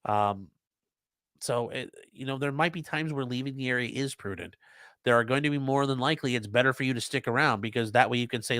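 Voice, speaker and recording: A man's voice: mid-range voice, a little fast, a bit bright, dry recording, clean studio sound. A man hosting a live stream who reads viewer comments aloud and answers them in a blunt, profane, conversational way.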